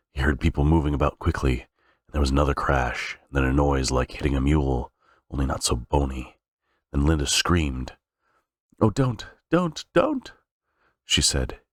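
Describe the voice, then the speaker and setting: A man sight-reading a novel aloud, halting now and then with slips and restarts. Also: a bass voice, a bit bright, slightly rough, no echo, studio quality. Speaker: reader.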